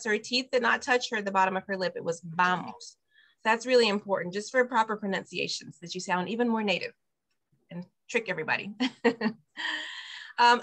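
A woman leads an online Spanish lesson for parents, her voice bright and a little high. She explains things patiently and says each phrase slowly so listeners can copy it. It sounds like a video call. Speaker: bilingual preschool director teaching parents.

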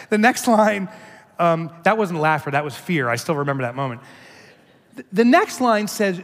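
A man with a fairly high voice delivers a keynote, spinning animated, joking stories for the crowd. His voice carries the long reverb of a large conference hall. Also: unhurried. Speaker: keynote speaker. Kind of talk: keynote speech.

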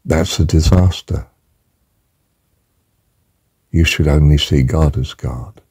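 An older man speaks in a very deep, gravelly voice, unhurried and emphatic as he teaches on spiritual matters. He often sinks into a hushed, husky whisper. The sound is close and dry. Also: no room sound. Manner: emphatic, slow and deliberate, drops to a hushed whisper. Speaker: religious teacher. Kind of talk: spiritual talk.

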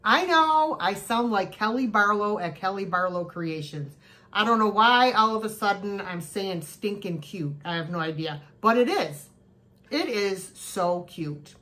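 A woman's voice: mid-range voice, animated, unhurried, bright, forceful tone. A woman chatting casually to camera as she shows her yard sale haul, gushing over each cute find. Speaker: thrift haul vlogger. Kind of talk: casual show-and-tell chat.

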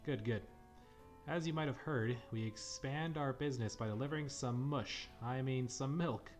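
A man reading as a sly, folksy bartender who smooth-talks and hands out fortunes. The voice sits at an average male pitch, and faint game music plays underneath it. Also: moderate pace, lightly acted.

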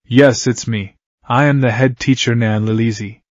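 A gentle female teacher, read by a man. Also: medium pitch, fairly even intonation, moderate pace, dry recording, lightly acted. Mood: coaxing. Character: gentle, kindly female schoolteacher. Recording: dull, dry close recording.

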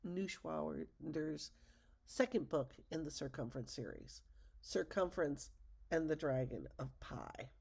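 An older woman, a grandmother, reading a children's storybook aloud in a gentle, measured way. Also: deep voice, lively intonation, vocal fry, slightly rough. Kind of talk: read-aloud storybook narration.

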